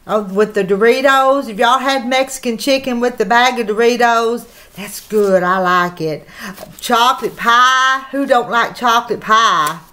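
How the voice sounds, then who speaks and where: A woman's voice: on the high side, measured pace, pushed and bright. A woman with a Southern country accent, chatting folksily to her viewers while opening mail on her vlog. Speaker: channel host.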